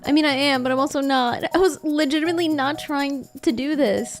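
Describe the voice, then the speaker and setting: A young woman streamer talking in a casual, jokey vlog style, her voice jumping up when she gets excited. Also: sits high, brisk, hardly any pauses, faint music behind. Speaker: streamer and content creator.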